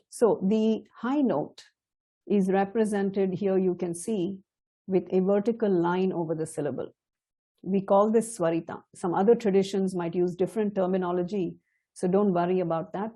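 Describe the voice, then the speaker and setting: A middle-aged woman teaching a chant, explaining slowly and carefully, now and then laughing softly. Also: medium pitch. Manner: slow, measured and explanatory, with soft laughs. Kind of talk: spoken lesson with chanted demonstrations.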